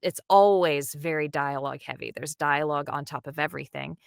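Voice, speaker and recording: A woman who works as a dub director, chatting animatedly and enthusiastically in an interview, with quick asides. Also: low voice, gravelly, smooth, no echo, studio quality. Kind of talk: casual interview chat.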